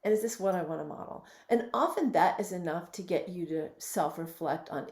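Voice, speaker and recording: A woman in her fifties, a physician and midwife, giving reflective, gently emphatic advice as an interview guest over a video call. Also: on the low side, moderate pace, gravelly. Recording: roomy echo.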